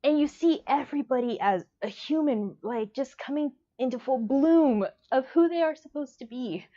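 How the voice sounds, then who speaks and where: A gushing, emotional woman talks through a book she loves in a casual review vlog, rambling from one point to the next. Her voice sits a little high, and the recording sounds dull and lo-fi. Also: moderate pace, warm tone.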